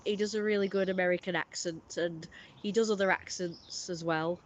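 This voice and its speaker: Casual live-stream chat, rambling storyteller, lots of fillers, middle pitch, faint hiss. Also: fairly even intonation, normal speed.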